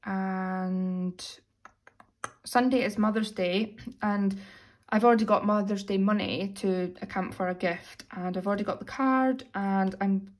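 Chatty British woman, slightly hoarse. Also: mid-range voice, measured pace. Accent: British English. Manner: chatty, self-narrating, counting money aloud. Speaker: budgeting vlogger. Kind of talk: casual chat while cash stuffing.

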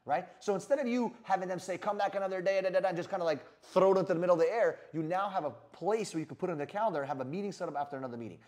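A man giving an energetic sales coaching talk in a brash manner, swearing freely and often asking "right?". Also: high-pitched, racing, few pauses. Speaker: sales trainer.

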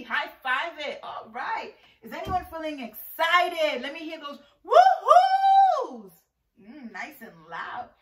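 A woman teaching young children in a slow, sing-song, encouraging way, often breaking into short songs. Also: high voice, sharp tone, distant mic. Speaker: preschool teacher. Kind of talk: online circle-time lesson for young children. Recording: echoey room, voice a bit off-mic.

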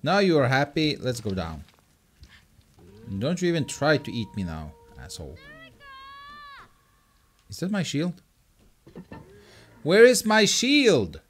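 A gameplay commentator who gets excitable, shrieks and laughs often, swears casually and talks to the game creature. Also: mid-range voice, unhurried, pauses often. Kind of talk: let's play commentary.

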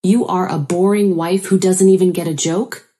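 A woman's voice: lowish voice, fairly even intonation, moderate pace, mellow, lightly acted. Woman reading as a sneering, sarcastic older mother-in-law. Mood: scornful. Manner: mocking, belittling.

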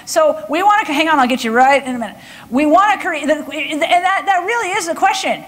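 A woman from Texas speaks to a conference crowd in a bright, high voice. She is chatty and lively, stopping often to check in with "okay?" and "right?". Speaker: body language speaker. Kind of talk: conference talk with audience questions.

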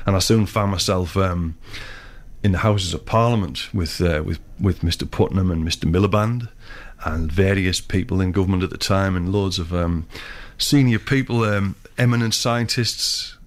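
A man's voice: deep voice, moderate pace. A man, a filmmaker guest telling long, rambling anecdotes in casual chat. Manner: rambling storyteller, many restarts.

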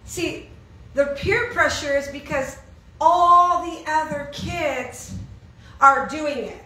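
A woman preaching a sermon in an animated way, asking her listeners questions and acting out the voices of pushy friends. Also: high-pitched, slow. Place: church hall. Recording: echoey hall, mic at a distance.

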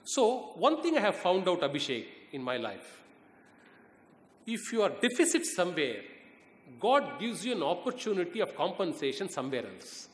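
Guest lecturer, man, Indian English accent, exhorts students with deliberate pauses; lively high voice, roomy hall sound. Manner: earnest, exhorting, pauses for emphasis. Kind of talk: university lecture answering student questions. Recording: echoey hall reverb.

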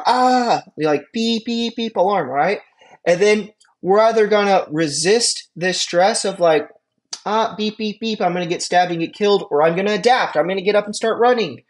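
A man giving a casual EMT classroom lecture, chatty and informal with many fillers and acted-out examples. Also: a little high. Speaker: EMT instructor.

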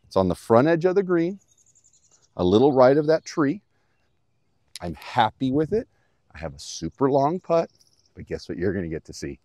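A man's voice: medium pitch, very animated, moderate pace, a little mellow, no room sound. A man teaching golf outdoors on a course in a casual, upbeat, plain-spoken way, talking straight to the viewer. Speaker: golf instructor.

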